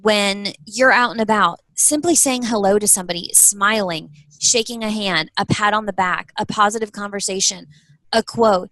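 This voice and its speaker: A woman in her thirties, a business owner being interviewed, telling earnest, animated stories full of quoted dialogue. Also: mid-range voice, normal speed, no echo, rough recording. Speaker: guest, apparel business owner. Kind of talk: interview conversation.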